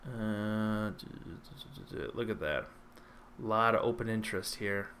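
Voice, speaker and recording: A man's voice: lowish voice, fairly even intonation, slow, fairly bright tone, a little hiss or hum. A man hosting a livestream, chatting casually and answering viewer questions, hesitant with many ums and restarts. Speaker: stock trading livestream host.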